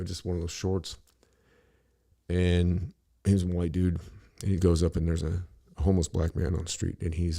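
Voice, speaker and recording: A low, gravelly middle-aged man talks loosely on a podcast. His voice is dark and a little husky, and he swears freely while circling around his point with constant "you know"s. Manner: rambling, blunt and profane, full of "you know". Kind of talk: casual podcast conversation.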